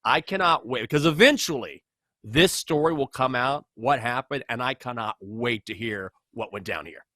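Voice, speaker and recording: Guy cohosting a sports podcast, bright voice, dry close mic, gets emphatic. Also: medium pitch, moderate pace, dry recording. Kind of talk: casual sports talk.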